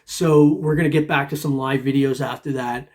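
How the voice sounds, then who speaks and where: A man with a mid-range, darkish voice speaks at a moderate pace with fairly even intonation. As a metal detecting channel host, he chats casually with viewers in a rambling vlog, chuckling often and calling them all "man."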